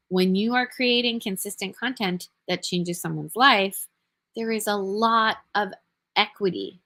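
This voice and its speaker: A woman business coach giving an earnest, emphatic motivational talk, sounding tired and talking quickly. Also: lowish voice, sharp tone. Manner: earnest, emphatic, talks fast.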